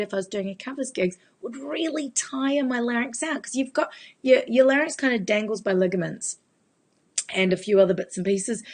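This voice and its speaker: A woman, giving a chatty live Q&A as a vocal coach. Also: mid-range voice. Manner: chatty, explanatory, demonstrates voice changes. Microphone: phone.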